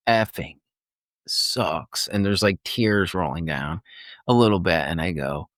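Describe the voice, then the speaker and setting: A man in his fifties tells a personal story as a podcast guest, chatty and animated, often restarting his sentences. His voice sits on the low side. The recording is dry, with no room echo. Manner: animated storyteller, loose and chatty, restarts often and acts out other people's words. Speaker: guest, transformational coach and former nurse.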